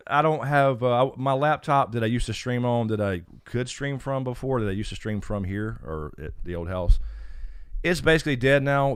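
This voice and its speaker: Male streamer, low-ish smooth voice, rambling casual delivery, dry close sound. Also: dry recording. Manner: rambling, reads chat names aloud, frequent fillers. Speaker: YouTube channel host. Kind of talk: casual live stream Q&A chat. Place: home.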